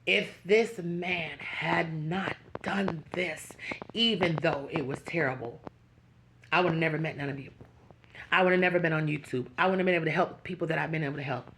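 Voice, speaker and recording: A woman speaks directly to her viewers in a slightly low voice. Her talk is earnest and heartfelt, rising into preaching encouragement. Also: normal speed, a bit bright, a little hiss or hum, poor audio. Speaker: YouTube channel host. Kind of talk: emotional direct-to-camera talk.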